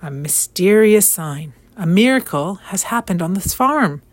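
A middle-aged farmer man in a storybook, solemn and awed, pressing his point with grave insistence, as a woman reads him. The voice sits fairly low and dry, close to the mic. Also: expressive, a little slow, no room sound. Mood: awed insistent.

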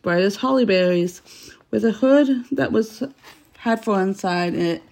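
A woman's voice: mid-range voice, measured pace, vocal fry, a little mellow, a little hiss or hum. Woman reading a storybook aloud. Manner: unpolished, with stumbles and self-corrections. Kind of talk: reading a children's book aloud.

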